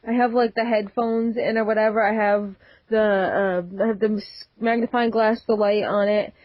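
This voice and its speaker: A woman's voice: mid-range voice, level tone, moderate pace, no room sound. A woman co-hosting a casual podcast chat, gushing and giggling, with lots of "like" and "um.". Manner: gushing, giggly, filler-heavy. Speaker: podcast co-host. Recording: dry, dull lo-fi audio.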